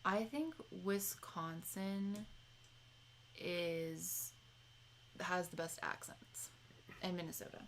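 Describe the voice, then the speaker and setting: A woman's voice: on the low side, slow pace, pauses often, a little hiss or hum, low-quality recording. A young adult woman co-hosting a livestream, chatting in a rambling, casual way and reading out chat messages. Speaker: livestream co-host.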